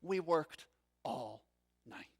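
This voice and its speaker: Slow, dramatic pastor. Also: male voice, lively intonation, gravelly, breathy edge. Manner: dramatic, swinging from loud to hushed and low. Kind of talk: first-person storytelling sermon.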